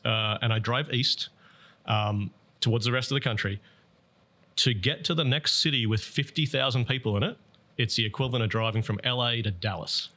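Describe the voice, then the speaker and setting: Bright-voiced Australian man telling stories. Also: medium pitch, moderate pace. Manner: storytelling, relaxed with restarts. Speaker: podcast guest. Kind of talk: casual chat.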